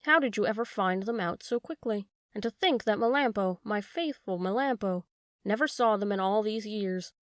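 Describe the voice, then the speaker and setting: A hearty, boastful farmer, as a woman reads him in a storybook. The sound is dry and close, the voice in an ordinary mid pitch. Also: moderate pace, dry recording, lightly acted. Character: hearty self-satisfied farmer man. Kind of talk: storybook reading.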